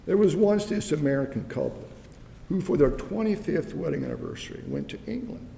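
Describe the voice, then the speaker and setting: A male preacher tells a story with a lively, swinging delivery and a gravelly edge. His voice is fairly high but mellow. It echoes around a large church hall over faint noise. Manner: animated storyteller, halting asides. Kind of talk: sermon storytelling.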